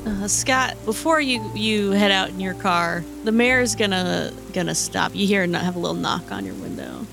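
A woman's voice: mid-range voice, very animated, moderate pace, gravelly, music in the background. A woman casually narrating as game master of a tabletop game.

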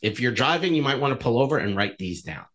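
A man co-hosting a podcast, telling stories in a casual, animated way and acting out the dialogue in them. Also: mid-range voice, fast. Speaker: podcast co-host.

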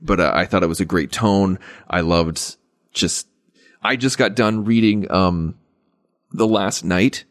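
A man co-hosting a podcast in casual chat, talking haltingly with many restarts. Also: low voice, dry recording, clean studio sound. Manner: hesitant, many restarts and stammers. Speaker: podcast co-host.

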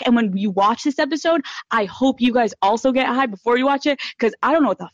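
A woman's voice: a little high, fast talker, few pauses, dry recording, highs cut off. A woman hosting a podcast live, giving blunt, profane advice and gushing over her listeners in casual chat. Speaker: podcast host.

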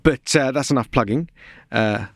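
A man's voice: mid-range voice, normal speed, gravelly, no echo. Male podcast host, casual and giggly, hesitant phrasing, dry studio sound. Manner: chatty, laughs often, hesitant with ums. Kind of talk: casual chat.

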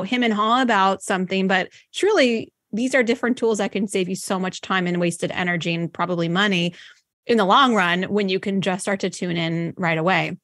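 Woman podcast host, young adult, lively storyteller, close dry mic. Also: medium pitch, no room sound. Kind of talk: casual chat.

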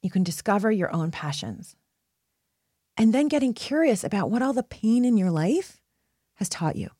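A woman hosts a solo motivational podcast, coaching her listeners in an earnest, encouraging tone. Her voice sits in a middle pitch range. The recording is dry and close, with no room sound. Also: very animated, moderate pace, dark tone, husky, no echo. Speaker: podcast host and purpose coach.

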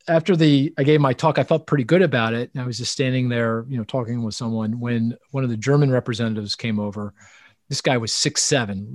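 A man hosting an interview, asking questions and telling stories in a lively, chatty way with frequent restarts. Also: medium pitch, dry recording. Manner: animated storytelling, frequent restarts and laughs. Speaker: host. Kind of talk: casual interview chat.

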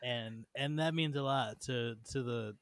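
A man's voice: mid-range voice, a little slow, dry recording. Laid-back man with a dry close sound. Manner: laid-back, swears casually. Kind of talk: casual chat.

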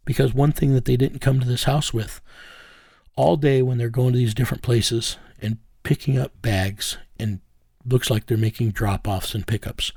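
A man's voice: mid-range voice, gravelly, darkish tone, breathy edge, dry recording. A middle-aged man, telling a first-person story in a plain, conversational way and acting out the dialogue. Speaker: private investigator.

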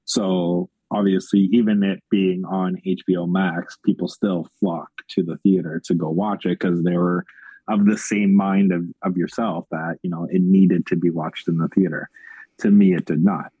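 A man's voice: deep voice, steady tone, moderate pace, mellow, husky, dry recording, muffled recording. A man co-hosting a casual movie podcast, blunt and teasing with frequent swearing. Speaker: podcast co-host. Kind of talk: casual movie-review chat.

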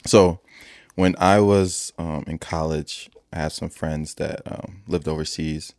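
A man with a very low, deep voice tells a rambling story in casual chat, laughing often along the way. The sound is dry and close, with no room echo. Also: steady tone, takes it slowly, a little mellow. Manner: laughs often while telling stories. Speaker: podcast co-host.

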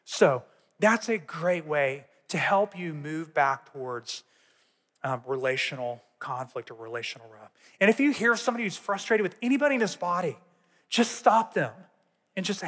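A man's voice: high voice, lively intonation, brisk, a bit bright. A man teaching a sermon in a conversational way, telling personal stories to a church audience. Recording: long reverb of a large hall.

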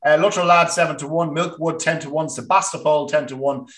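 Man hosting a podcast, bright and forceful, roomy echo, jokey banter. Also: a little high, fairly even intonation, brisk. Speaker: podcast host. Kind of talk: casual racing tips chat.

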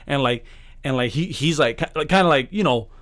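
A man's voice: mid-range voice, expressive, fairly quick, a bit bright. A man co-hosting a podcast, telling a story in rambling casual chat with many restarts. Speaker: podcast co-host.

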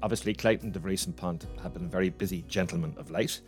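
A man's voice: deep voice, quick pace, breathy edge, faint music behind. A man hosting a podcast interview, with polished, formal phrasing. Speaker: podcast host.

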